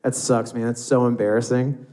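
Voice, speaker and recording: A man's voice: medium pitch, flat delivery, moderate pace, warm tone. An American man performing a stand-up comedy set on a live club stage, rambling loosely and acting out voices.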